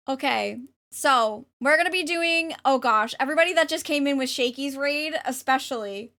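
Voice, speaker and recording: A high-voiced woman streamer chats casually with her audience during a tarot stream. Her tone is bright and bubbly as she reads messages aloud and thanks viewers, slipping now and then into a jokey English accent. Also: moderate pace. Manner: jokingly puts on an English accent. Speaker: livestreamer and tarot reader. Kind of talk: casual livestream chat.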